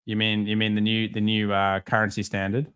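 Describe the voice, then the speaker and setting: A man's voice: lowish voice, fairly quick, smooth. Guy on a live market stream, sarcastic, cracking jokes at the chat. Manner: sarcastic, joking, animated storytelling. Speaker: livestream market commentator. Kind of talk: live stream chat, reading viewer comments.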